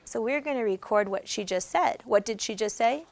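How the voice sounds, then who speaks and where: A special education teacher with a fairly high voice leads her class at a moderate pace. She guides students step by step, asking patient questions.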